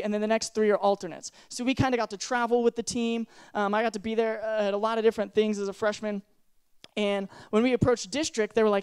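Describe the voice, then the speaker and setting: A man's voice: extremely high pitch, smooth. A young man giving a casual youth sermon on a handheld mic, telling stories in a chatty, self-deprecating way with lots of "like" and "right?". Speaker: youth speaker. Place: youth service room.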